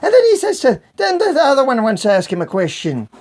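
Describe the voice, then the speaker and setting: A woman's voice: high-pitched, huge pitch swings, fast, darkish tone, a little hiss or hum. A woman vlogger telling a long joke, rambling and correcting herself as she goes. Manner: rambling, self-correcting storytelling.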